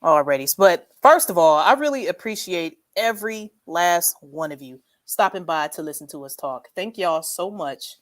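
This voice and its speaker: A woman hosting a casual livestream chat, reading viewer comments aloud, animated and quick to laugh, saying "y'all". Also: lowish voice. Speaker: livestream host.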